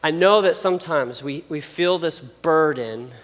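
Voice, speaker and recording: A man's voice: on the high side, measured pace. A man preaching a sermon in an earnest, conversational way, with rising emphasis on his key points. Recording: long reverb, guitar music behind. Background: soft guitar music.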